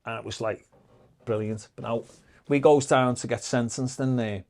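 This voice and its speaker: A man's voice: medium pitch, fairly even intonation, moderate pace, a little mellow. A man with a Liverpool accent, a podcast guest telling stories in casual, heavily sworn talk, acting out the exchanges he quotes. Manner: heavy swearing, acts out quoted exchanges. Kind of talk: casual storytelling.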